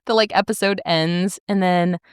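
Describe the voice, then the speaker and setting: A woman's voice: on the low side, moderate pace, smooth, dry recording, studio quality. A woman co-hosting a podcast, casually retelling a TV plot, acting out lines and laughing often. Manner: animated storytelling, acts out characters' lines, laughs often, swears. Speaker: podcast co-host. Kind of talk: casual chat recapping a show.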